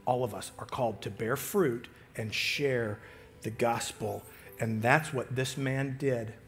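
Pastor guy preaching, sharp bright tone, gets loud then drops to a whisper, faint music. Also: mid-range voice, fairly even intonation, measured pace. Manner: swings from loud emphatic preaching to hushed near-whispers. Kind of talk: sermon.

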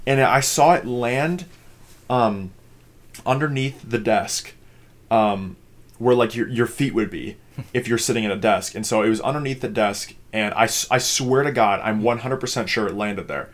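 A man's voice: mid-range voice, normal speed. A young man from Minnesota, a podcast co-host, telling a rambling story in casual chat, swearing freely and using many fillers.

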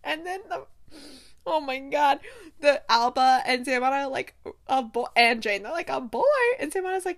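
A young woman casually recapping a TV season, retelling scenes with animated asides and quoting characters in a softer voice. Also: sits high, normal speed. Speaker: podcast host recapping a TV show. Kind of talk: casual chat.

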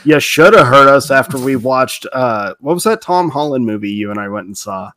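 A man co-hosting a casual movie podcast, animated and profane, mocking a bad film. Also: mid-range voice, moderate pace. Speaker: podcast co-host.

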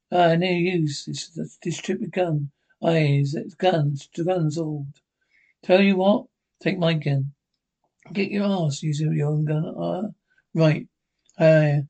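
An older man with a Scottish accent, acting in a sitcom and trading gruff, salty, teasing banter. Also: on the high side, slow, mellow. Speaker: sitcom actor. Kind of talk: sitcom dialogue.

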